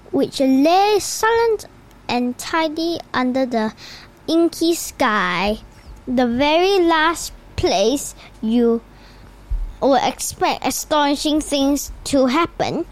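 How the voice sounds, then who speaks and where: A woman reading a children's storybook aloud in an unhurried way, with occasional slips and restarts. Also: high voice, lively intonation, poor audio. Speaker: reader.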